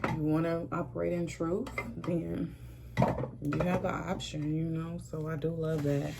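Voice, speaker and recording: Doing her makeup on camera, a woman in her thirties keeps up a casual, sassy chat and says "honey" to her viewers throughout. She speaks unhurriedly in a low, creaky, level-toned voice over heavy background noise.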